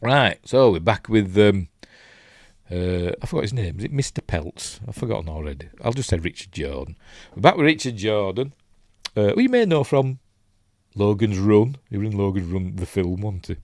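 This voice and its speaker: A man's voice: on the low side, big pitch swings, moderate pace, darkish tone, no echo, studio quality. A man with a Yorkshire accent chatting loosely through a film breakdown, full of ums and forgetful asides. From Yorkshire, England. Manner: rambling, lots of ums and asides. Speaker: film reviewer.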